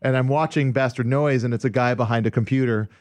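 A man hosting a podcast, telling a rambling, excitable story in casual chat. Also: medium pitch, fast talker. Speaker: podcast host.

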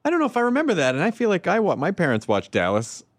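Brief: teasing Southern-born male host, lively voice. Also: high-pitched, rapid-fire, no room sound, clean studio sound. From American South. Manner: playful, teasing, laughs often. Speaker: talk show host. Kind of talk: casual chat.

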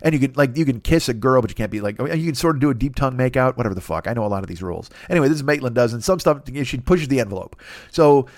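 Fast, rambling profane man. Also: animated, darkish tone, dry recording, studio quality. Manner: rambling, profane, mimics others in high voices. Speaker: podcast host. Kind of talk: crude comedic monologue.

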